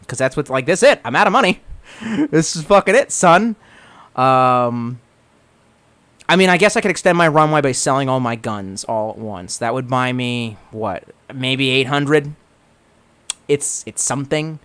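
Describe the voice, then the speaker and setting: Smooth and medium-pitched, this man speaks a little slowly while chatting on a livestream. He reads chat messages aloud, rambles and swears, stammers as he restarts, and shifts between excitement and gloom.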